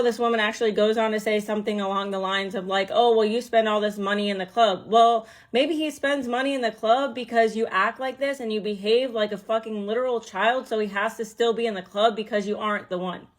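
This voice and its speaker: A woman giving reaction commentary in a blunt, exasperated way, swearing freely. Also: medium pitch.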